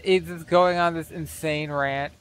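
A man's voice: a little high, steady tone, unhurried, a bit bright, smooth. A man giving casual, profane, incredulous let's play commentary over his game. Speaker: gaming video creator.

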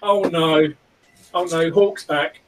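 High-voiced man talking from across the room. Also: steady tone, slow. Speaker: host of a 3D printing channel. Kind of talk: casual chat. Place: cramped home office. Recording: distant mic with faint room hiss.

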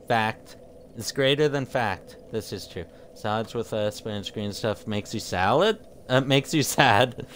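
A man with a medium-pitched, fairly bright voice streams a video game, with slight background noise. He chats casually with live viewers, rambling and joking while often tripping over his words.

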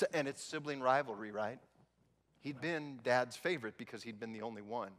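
A pastor with a mid-range, fairly bright voice preaches a sermon a little fast, telling stories laced with jokes in a conversational, humorous way. He is in a church sanctuary, and the hall gives the recording a long reverb.

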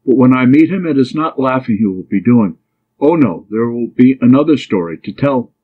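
A man playing a proud fierce Highlander. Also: lively intonation, moderate pace, breathy edge. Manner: fierce then gentle, earnest. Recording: dull lo-fi recording.

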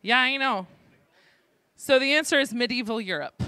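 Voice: mid-range voice, normal speed, pushed and bright, clear, resonant tone, dry recording. Jokey game-show host with a New York accent. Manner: jokey, playful asides to the audience. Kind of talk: hosting a live trivia game show. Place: indoor student event at a library.

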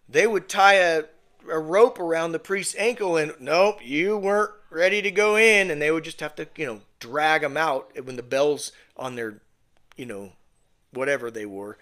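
A man's voice: on the high side, fairly bright tone. A man leading a home Bible study in a conversational sermon style, often checking in with his listeners. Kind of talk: informal sermon teaching. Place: home fellowship gathering.

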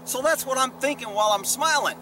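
A middle-aged man tells old police stories in a loose, rambling, profane way, swearing freely. His voice sits high and bright. The mic is some distance from him, with faint background noise behind. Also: fast. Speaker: former police officer telling stories. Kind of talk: casual storytelling vlog.

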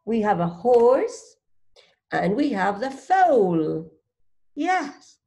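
A woman teaching a child to read, sounding out letters one by one and gently encouraging with prompts and questions. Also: a little high, very animated, extremely slow. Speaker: reading teacher. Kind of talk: phonics read-along lesson for a child.

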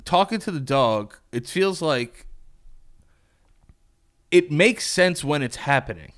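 A man's voice: fairly high pitch, animated, slow pace, a bit bright. A young man co-hosting a podcast, talking in loose, profane casual chat and jumping into silly voices. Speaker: podcast co-host.

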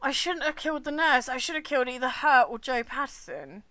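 High, bright British woman swearing loudly. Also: big pitch swings, a little fast, few pauses, no echo. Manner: swears constantly, loud exasperated outbursts. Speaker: game streamer. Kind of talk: live-streamed gameplay commentary.

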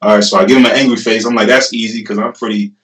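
Racing along in a fairly low voice, a young man in his twenties casually tells a story as a guest, laughing and animated. He often acts out what he and others said, saying "I'm like" a lot, and the sound is roomy and somewhat distant from the mic.

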